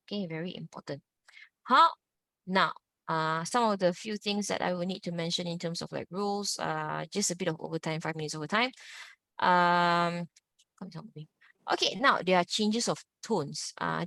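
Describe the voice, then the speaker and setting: A woman's voice: lowish voice, animated, a little fast, a bit bright, no echo. A young woman teaching a Mandarin lesson, patiently drilling sounds and tagging her sentences with "ah" and "lah". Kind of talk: online language lesson.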